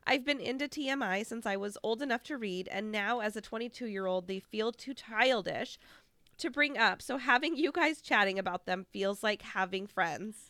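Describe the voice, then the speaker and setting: A woman's voice: mid-range voice, moderate pace, pushed and bright, no room sound. A woman co-hosting a podcast, reading out a listener message with chatty asides. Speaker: podcast co-host.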